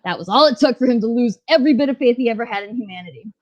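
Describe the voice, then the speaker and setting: A woman's voice: fairly high pitch, expressive, racing, no echo, dull audio. Blunt, joking woman podcast host. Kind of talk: casual recap chat.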